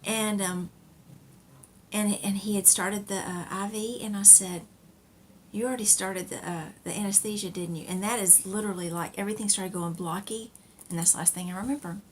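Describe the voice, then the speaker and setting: A woman's voice: mid-range voice, steady tone, normal speed, slight background noise. A middle-aged woman hosting a knitting podcast, telling a personal story in a chatty, rambling way with fillers and laughs.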